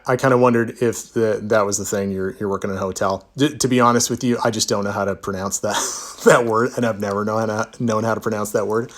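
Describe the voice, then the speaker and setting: His voice is lowish and a bit bright. In a live Q&A from Utah, the divorce attorney reads viewer comments aloud and answers them casually, with easygoing jokes about himself.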